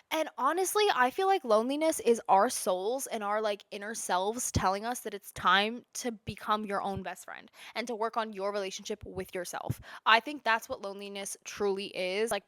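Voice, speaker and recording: A woman's voice: fairly high pitch, fairly bright tone, no echo. A woman in her twenties talking casually at home in a sit-down vlog, chatty and rambling, jumping from one tangent to the next. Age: 20s. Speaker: lifestyle creator.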